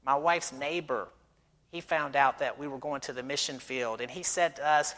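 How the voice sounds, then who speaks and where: Missionary guy preaching in a church, bright forceful voice, long hall echo, chatty storytelling. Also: mid-range voice, normal speed. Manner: conversational storytelling with rhetorical questions. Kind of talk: sermon. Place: church sanctuary.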